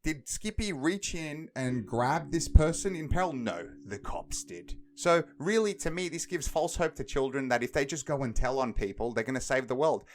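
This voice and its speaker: A man co-hosting a podcast, breaking down silly logic in a mock-serious, animated way. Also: mid-range voice, moderate pace, few pauses, a little hiss or hum. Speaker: podcast co-host. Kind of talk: casual comedic chat.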